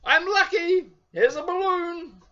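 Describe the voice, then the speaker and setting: A man voicing a cheerful, optimistic little toy teddy bear that squeals with excitement. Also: extremely high pitch, slow, dull audio, pitched above the performer's own voice, exaggerated voice. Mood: excited.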